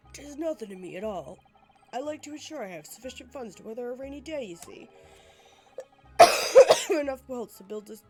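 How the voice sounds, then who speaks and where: Woman doing a boastful rich gent, lowered voice. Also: big pitch swings, moderate pace, pauses often, darkish tone, soft background music. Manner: lowered generic deep voice, breezy and self-important. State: ill, hoarse. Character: wealthy boastful Irish-accented man in Victorian London.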